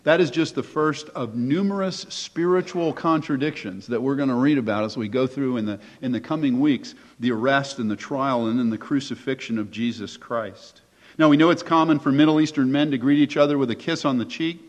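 A man delivers a sermon as pastor in a relaxed, conversational way that turns emphatic on key phrases and leans on rhetorical questions. His mid-pitched voice rings through a hall with long reverb. The recording sounds muffled and lo-fi. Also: brisk. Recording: echoey hall, dull lo-fi sound.

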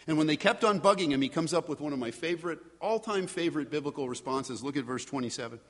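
A man delivers a sermon in a loose, conversational way, slipping into little acted voices for the people in the story. His voice sits a bit high for a man. The sound has the long, trailing reverb of a large hall. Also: fast talker, few pauses. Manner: conversational, animated, acts out voices of biblical figures. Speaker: pastor.

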